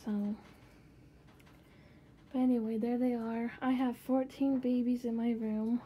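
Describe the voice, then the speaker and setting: A woman chatting through a casual tour of her bedroom doll collection. Her voice is fairly high but mellow and soft-edged, with little rise and fall, and she rambles along with many fillers. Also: flat delivery, measured pace, a little hiss or hum. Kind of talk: casual room tour vlog.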